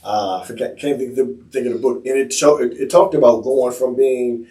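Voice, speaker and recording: A man's voice: medium pitch, a little fast, dark tone, roomy sound, recorded from a distance. A man interviewing a guest, encouraging him with frequent short affirmations. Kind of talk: casual interview.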